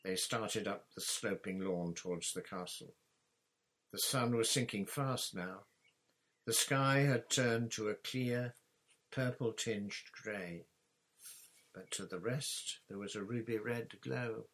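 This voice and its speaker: Low, husky male storybook reader. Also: slow pace, fairly bright tone. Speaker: audiobook reader. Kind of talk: storybook narration.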